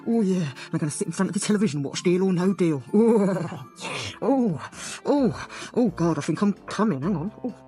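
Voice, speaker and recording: A woman voicing a giddy middle-aged British man with a breathy, giggly way of talking, in a comedy sketch monologue. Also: lowish voice, normal speed, soft background music, lightly acted. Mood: giddy, naughty. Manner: breathy, giggly, excitable oohs and ahs.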